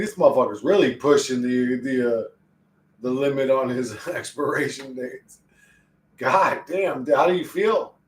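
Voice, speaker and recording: A man's voice: medium pitch, roomy sound, distant mic, a little hiss or hum, rough recording. A man chatting casually and profanely on a live stream, joking and getting easily worked up.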